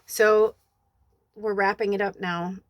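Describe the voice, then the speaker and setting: A chatty woman giving a spiritual reading, talking loosely with lots of fillers and now and then jumping into a high voice to act out lines. Her voice sits at an ordinary middle pitch. The sound is close and dry. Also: flat delivery, takes it slowly, dry recording. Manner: rambling, filler-heavy, acts out movie quotes in a high voice. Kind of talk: casual spoken reading.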